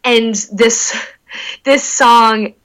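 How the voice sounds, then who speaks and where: Bright, candid young woman telling stories. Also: on the high side, poor audio. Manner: candid, swears freely, lots of "like" fillers; animated retelling with quick asides. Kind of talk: casual storytelling chat.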